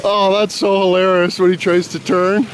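A man's voice: high-pitched, flat delivery, normal speed. Rowdy swearing guy filming outside. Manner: swears constantly, laughs, hollers. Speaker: vlogger filming friends. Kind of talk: profane excited play-by-play commentary. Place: outdoors in a yard. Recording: outdoor camera audio with engine noise. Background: small engine revving.

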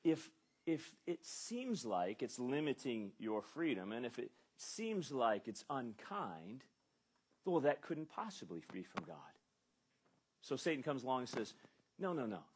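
A man's voice: mid-range voice, big pitch swings, unhurried, slightly rough. A male pastor preaching an expository sermon with emphatic delivery, acting out the lines he quotes. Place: church.

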